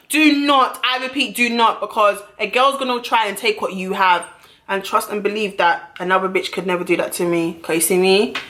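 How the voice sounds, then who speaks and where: A young woman telling a storytime vlog in a brash, profane, animated way, recorded at home on a camera mic. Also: a little high. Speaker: vlogger.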